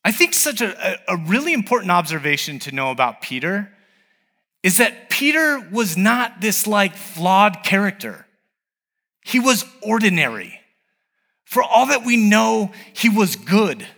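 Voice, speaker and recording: Guy preaching a sermon, kinda high bright voice, super lively, big hall echo. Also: a little slow. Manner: conversational, asks rhetorical questions. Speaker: pastor.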